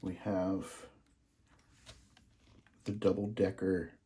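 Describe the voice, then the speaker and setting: Slow, mellow-voiced excited train hobbyist man. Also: low-pitched, slight background noise. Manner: excited, gushing, trails off in hushed asides. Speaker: model train hobbyist showing his collection. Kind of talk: casual hobby vlog.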